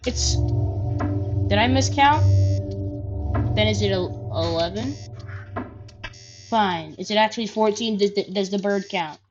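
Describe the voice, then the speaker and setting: Woman, gaming commentary, mid pitch, slow delivery, swears often, dull sound, loud background music. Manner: swears freely, thinks aloud, counts under breath. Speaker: gaming channel host. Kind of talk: let's-play commentary. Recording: slightly dull audio with loud game music.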